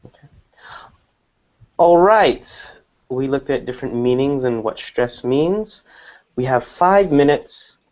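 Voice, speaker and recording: A man teaching an online English class, explaining patiently and slowly with examples. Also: medium pitch, expressive, darkish tone, highs cut off.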